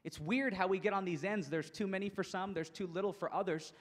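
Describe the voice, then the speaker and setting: A man with a high, bright voice delivers an energetic keynote to coaches, pressing his points with emphatic repetition. His voice carries a long reverb, as if in a large hall. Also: a little fast. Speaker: motivational speaker for coaches. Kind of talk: keynote presentation.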